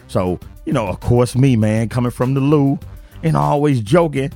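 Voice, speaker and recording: A man's voice: mid-range voice, normal speed, warm tone, faint music behind. A man with a St. hosting a podcast from his basement, telling stories in a rambling, slangy way full of "man" and "y'all". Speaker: podcast host. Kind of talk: casual storytelling monologue.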